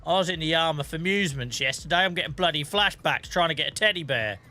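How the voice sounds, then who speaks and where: A man's voice: fairly high pitch, expressive, fast talker, pushed and bright, faint music behind. A man in his thirties streaming a farming game, telling stories in a chatty way with swearing and laughter. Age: 30s. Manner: chatty, swears and laughs a lot while storytelling. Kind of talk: casual gameplay chat.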